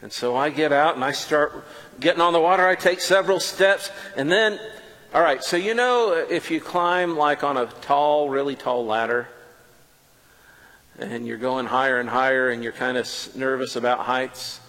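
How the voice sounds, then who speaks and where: A man preaching a sermon as a first-person dramatic story, animated and swinging between loud passages and hushed ones. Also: medium pitch, normal speed. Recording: long reverb of a large hall.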